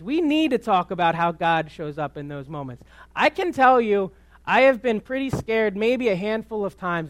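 Man, 30s, preacher telling a story conversationally, slightly high voice, dry close sound. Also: dry recording. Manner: conversational storytelling with many restarts. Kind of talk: sermon testimony. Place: church.

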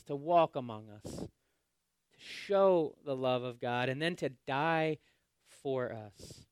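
A man preaching a sermon, often asking his congregation questions and swinging between loud and hushed. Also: fairly high pitch, no echo, studio quality. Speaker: pastor.

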